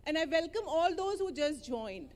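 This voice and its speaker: A woman leading children through an interactive story, animated and coaxing as she gives playful directions. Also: very high-pitched, normal speed, in a large hall.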